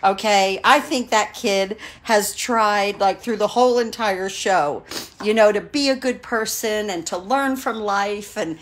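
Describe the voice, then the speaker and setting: A woman's voice: medium pitch, a little slow. Chatty woman in her sixties, live-streaming. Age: 60s. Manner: chatty and digressive, greets viewers by name; gushing and enthusiastic. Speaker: craft demonstrator hosting a live stream. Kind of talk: casual live-stream chat.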